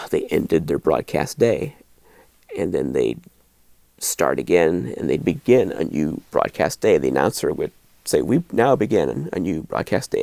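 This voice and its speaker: A middle-aged man hosting a horror video, talking casually to camera in a rambling, animated way with lots of restarts. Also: rumbling low, vocal fry, no room sound.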